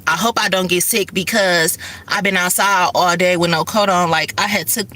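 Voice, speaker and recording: Fast-talking, profane middle-aged woman. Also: lowish voice, fairly even intonation, pushed and bright. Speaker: vlogger and rideshare driver. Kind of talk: casual chat to camera.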